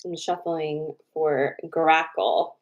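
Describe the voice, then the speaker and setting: A woman's voice: sits low, steady tone, dull audio, a little hiss or hum. Chatty woman hosting a live card reading. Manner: chatty, greets viewers by name, drawn-out slow repeats of choices. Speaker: livestream host doing card readings. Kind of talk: casual livestream chat.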